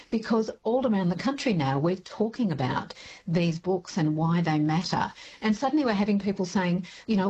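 A woman, a radio book show co-host, talking about novels in a thoughtful, animated way. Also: low voice, breathy edge, low-quality recording. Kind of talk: radio interview.

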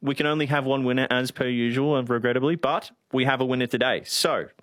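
A man's voice: mid-range voice, fairly even intonation, quick pace, a bit bright, no echo. A man co-hosting a radio show, rambling and self-deprecating, laughing often. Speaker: radio producer and co-host. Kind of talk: casual radio chat.

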